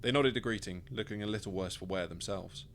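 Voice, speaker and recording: A man with a low voice reads his own story aloud in the first person. His delivery is dry and wry, in steady scripted narration. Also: a little fast, gravelly, a little hiss or hum.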